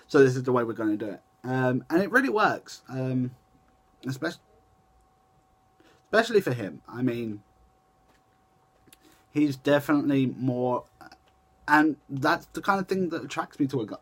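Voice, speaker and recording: A man's voice: medium pitch, breathy edge. A young man talks straight into his camera in a loose, chatty vlog style, his voice sitting in an ordinary middle range. He rambles, breaks off and restarts his sentences, and corrects himself as he goes. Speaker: vlogger. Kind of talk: casual chat to camera.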